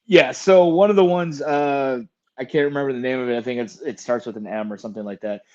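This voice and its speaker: A man's voice: medium pitch, quick pace, a little mellow. Wry male co-host on dull audio. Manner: wry, profane, drops to mutters. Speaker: podcast co-host. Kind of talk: casual chat.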